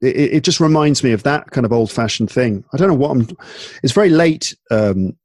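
A tired man from England with an English accent, chatting casually and talking in halting bursts full of restarts and fillers. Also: mid-range voice, expressive, a little mellow, no echo, studio quality. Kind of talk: casual chat. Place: home in Paris at night.

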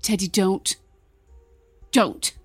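A woman's voice: medium pitch, very slow, slightly rough, dry recording, faint music behind. A woman voicing Belladonna, a cunning, insistent woman who presses for the truth. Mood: pressing. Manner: pressing, confrontational.

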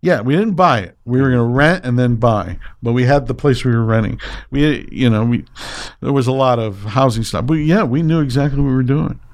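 A middle-aged man telling a personal story as a guest, emotional and animated, swearing and tripping over his words. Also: brisk. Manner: animated and emotional, swings high when excited. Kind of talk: casual storytelling.

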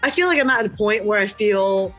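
A woman's voice: medium pitch, lively intonation, brisk, fairly bright tone, soft background music, poor audio. A woman wrestler speaking earnestly and bluntly as a guest in an interview, reflecting on where she came from. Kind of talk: candid interview talk.

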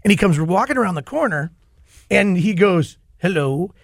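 A middle-aged man hosting a podcast, an animated storyteller who acts out quotes in casual chat. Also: high voice, normal speed, gravelly, dry recording, clean studio sound. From Minnesota. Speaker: podcast host.

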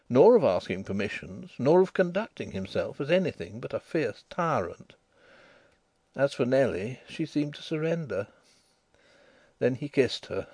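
A man giving an expressive, scripted narration of a novel as an audiobook reader. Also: medium pitch, no echo.

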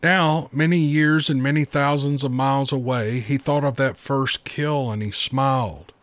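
A man narrating a story in a steady, measured reading. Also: medium pitch, no echo.

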